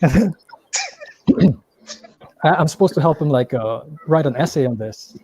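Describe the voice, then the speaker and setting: A man's voice: fairly high pitch, lively intonation, measured pace, mellow, husky, poor audio. A man telling a rambling story in casual chat, full of "like" and "you know". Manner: rambling storyteller, many fillers.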